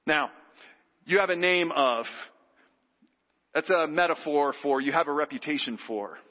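A man's voice: a little high, measured pace. Preaching man in an echoey church. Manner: animated, leads the congregation in call-and-response. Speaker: pastor. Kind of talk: sermon. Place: church sanctuary. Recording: dull sound with long hall reverb. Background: congregation.

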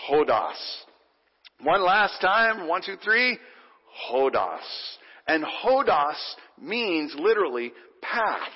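A pastor preaching a sermon in a church, playful and animated, leading the congregation in call and response. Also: male voice, high voice, slow, few pauses, slightly rough. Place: church sanctuary. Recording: dull recording with long hall reverb.

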